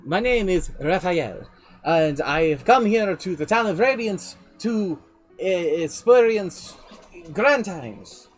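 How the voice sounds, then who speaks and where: A man's voice: sits high, lively intonation, slow, soft background music, voice pushed up. A man voicing a flustered male half-elf bard, putting on a mock French accent and speaking with exaggerated politeness. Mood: polite, bewildered. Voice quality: exaggerated, overly polite speech. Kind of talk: acting out a character while telling a tabletop story.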